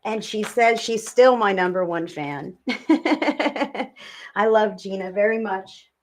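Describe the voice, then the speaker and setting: A woman doing live psychic readings on a stream, chatting with viewers in a gushing, affectionate, rambling way. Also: fairly high pitch.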